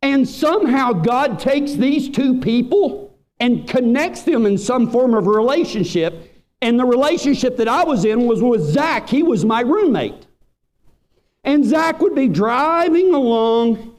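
A man's voice: extremely high pitch, measured pace. A man, preaching a storytelling sermon and acting out friends' lines in voices. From Texas. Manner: animated, acts out quoted friends in voices. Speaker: pastor.

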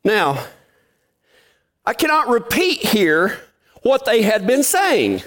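A man's voice: sits high, wildly swooping pitch, slow, a bit bright. A man preaching a sermon, telling a folksy story and acting out the dialogue. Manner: folksy, drawling anecdotes with acted-out dialogue. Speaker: pastor.

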